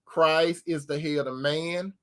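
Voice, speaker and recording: A man's voice: a little high, steady tone, slow pace. A man hosting an advice talk, telling a personal story in a preacherly way, repeating his points and addressing listeners as brothers and sisters. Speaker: channel host.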